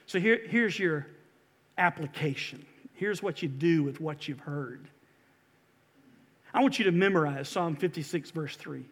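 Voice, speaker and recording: A man preaching a sermon as pastor, impassioned, swinging from loud rousing calls to quiet earnest pleas. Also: a little high, measured pace, long reverb tail. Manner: impassioned, rising to loud exhortation and dropping to hushed pleas.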